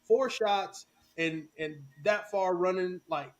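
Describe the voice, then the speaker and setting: A man's voice: high voice, slow. A man co-hosting a podcast, chatting in an easygoing, musing way. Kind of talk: casual chat.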